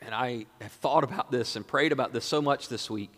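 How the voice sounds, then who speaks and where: Preacher swinging from loud to hushed in a reverberant hall. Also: male voice, mid-range voice, fairly quick. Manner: swings from loud exclaiming to hushed near-whispers. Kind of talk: sermon.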